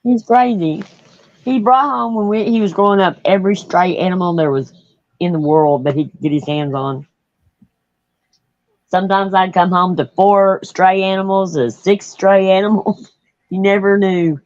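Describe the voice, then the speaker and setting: A woman's voice: medium pitch, moderate pace, a little mellow, no echo. A middle-aged woman hosting a casual chat, folksy and blunt, laughing often. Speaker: host. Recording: dull lo-fi sound.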